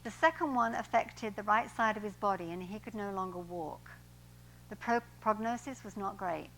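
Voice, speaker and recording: A woman's voice: medium pitch, moderate pace, fairly bright tone, a little hiss or hum, low-quality recording. A woman who works as a personal trainer, giving an inspirational church talk in a chatty way and often laughing at her own lines. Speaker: guest speaker and personal trainer. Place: church sanctuary.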